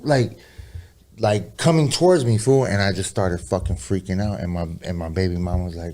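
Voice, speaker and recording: A man telling a personal story in a rambling, profane way, full of slang asides, who drops low and quiet for the eerie parts. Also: animated, normal speed. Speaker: podcast guest, rapper. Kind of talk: casual storytelling interview.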